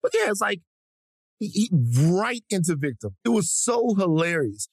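A man's voice: high-pitched, unhurried, no echo. A male podcast co-host telling a story with energy and profanity, acting out the people in it. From Africa. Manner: lively, profane, mimics people in his stories. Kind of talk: animated storytelling chat.

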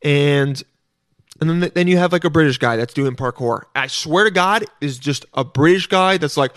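Male podcast host, rambling profane riffs, slightly high voice, dry close mic. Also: normal speed, fairly bright tone, no echo. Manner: rambling, profane, self-interrupting. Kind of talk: casual solo monologue.

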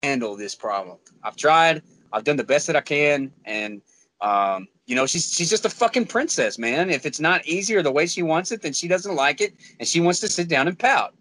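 A man's voice: fairly high pitch, lively intonation, normal speed, fairly bright tone. A man in casual chat, blunt and swearing freely, often quoting others.

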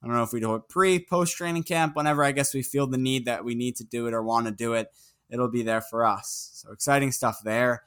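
A man's voice: medium pitch, fairly even intonation, fairly quick, fairly bright tone, clean tone. A young man co-hosting a casual sports podcast, talking in a rambling way full of fillers and small laughs. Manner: rambling, filler-heavy, chuckling. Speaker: podcast co-host.

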